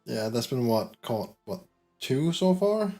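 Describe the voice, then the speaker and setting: Lively, playful tabletop player. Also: mid-range voice, takes it slowly, faint music behind. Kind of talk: casual play chat.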